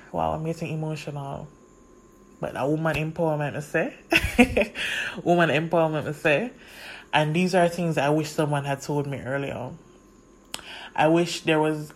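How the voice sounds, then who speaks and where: Low voiced woman podcaster, earnest pep talk, slows way down to stress stuff. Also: a little mellow, slight background noise. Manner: earnest, encouraging, slows down for emphasis. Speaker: podcast host.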